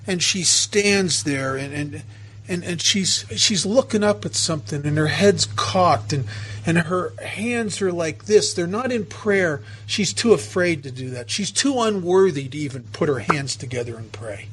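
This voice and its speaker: A man's voice: a little high, expressive, a little slow, fairly bright tone, slightly rough. Man telling an emotional recovery story. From United States. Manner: emotional storytelling, self-mocking humor. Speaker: recovery speaker. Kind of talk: personal story at a recovery talk.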